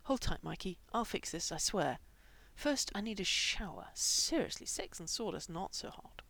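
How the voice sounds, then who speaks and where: A brash, foul-mouthed young man, put on by a woman reading the story, snapping out short, loud retorts. The voice has a gravelly, creaky grain and sits near her usual pitch. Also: big pitch swings, moderate pace, full character voice. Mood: sheepish.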